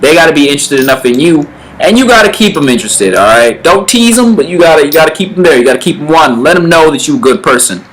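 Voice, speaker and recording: A man's voice: fairly high pitch, animated, quick pace, few pauses, fairly bright tone, low-quality recording. Laid-back young man giving bro advice. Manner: laid-back bro talk, filler-heavy, acts out little scenes. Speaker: vlog host giving dating advice. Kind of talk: casual comedic advice vlog.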